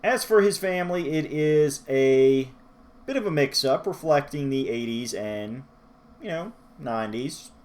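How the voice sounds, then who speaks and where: A man's voice: mid-range voice, lively intonation, a little slow, darkish tone. A man talking through a book review in a rambling, self-deprecating vlog style. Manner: rambling, self-deprecating, loses his place in his notes.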